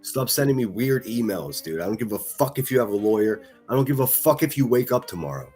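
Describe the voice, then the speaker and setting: A man's voice: medium pitch, lively intonation, a little fast, darkish tone, breathy edge, faint music behind. A man from the northern United States ranting on a livestream, profane, mocking and combative.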